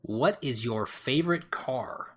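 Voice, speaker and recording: A man hosting a podcast, reading out quick-fire questions and answering them himself, often hesitating and rambling with fillers. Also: mid-range voice, lively intonation, a bit bright, husky. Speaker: podcast host.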